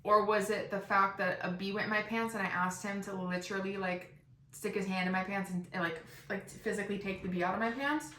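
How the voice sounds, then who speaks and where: Young woman doing storytime, animated and cussing a lot, kinda echoey room. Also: medium pitch, brisk, slight background noise. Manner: animated, profane, laughing at herself. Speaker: podcast host. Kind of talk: comic storytime monologue. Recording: roomy echo.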